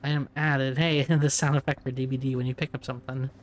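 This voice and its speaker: A man at a middle pitch gives relaxed commentary over a horror game and reads its notes and articles aloud. He chuckles often and trips over harder words as he reads. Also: a little fast, a little hiss or hum. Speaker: let's play gamer. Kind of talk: casual gaming commentary, reading in-game text aloud.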